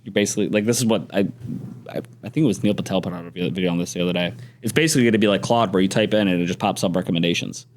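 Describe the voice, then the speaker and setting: Fast, low-voiced slangy man. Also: slight background noise. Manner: slangy storyteller, says dude and like a lot. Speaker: podcast host, marketer. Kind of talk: casual podcast conversation.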